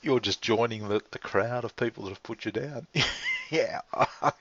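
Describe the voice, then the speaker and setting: A man's voice: mid-range voice, moderate pace, fairly bright tone. A man with an Australian accent talking in a rambling, casual way, laughing often and swearing freely. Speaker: vlog host. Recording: dull lo-fi recording.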